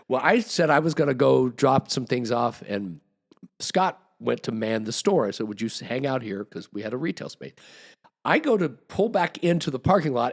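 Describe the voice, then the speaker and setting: A man guest on a podcast, telling a long, rambling story with restarts and acted-out quotes. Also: mid-range voice. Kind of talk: casual storytelling.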